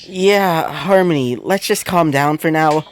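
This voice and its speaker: A man voicing a young woman who calms others in an easygoing, slightly hesitant way. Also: on the high side, a little slow, smooth, lightly acted. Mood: soothing.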